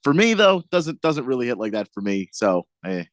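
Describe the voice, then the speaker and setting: A man's voice: mid-range voice, very animated, moderate pace, no echo. A man co-hosting a sports radio show, stammering a little and laughing easily. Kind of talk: casual radio banter. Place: radio studio. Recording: dry studio sound.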